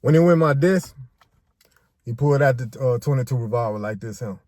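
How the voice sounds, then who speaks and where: A man's voice: medium pitch, expressive, fairly quick, darkish tone, dry recording. Laid-back Arkansas man telling a story. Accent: Southern US, Arkansas. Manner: laid-back slangy street talk, acts out quotes. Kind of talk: casual storytime monologue.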